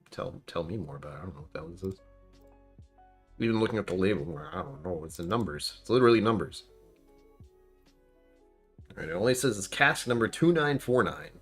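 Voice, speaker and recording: A man's voice: sits low, fairly bright tone. A man casually chatting on a live stream while reviewing a whiskey, rambling and reacting to his chat.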